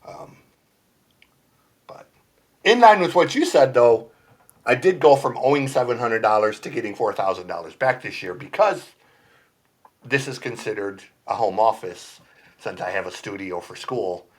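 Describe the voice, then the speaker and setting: A man's voice: mid-range voice, lively intonation, moderate pace, long pauses. A man in casual chat as a podcast guest, rambling and laughing often between points. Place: home basement room.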